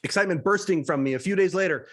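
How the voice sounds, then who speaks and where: A man from western Canada, a podcast host, reading a personal essay aloud with animated storytelling and wry asides. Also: sits high, rapid-fire. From British Columbia, Canada.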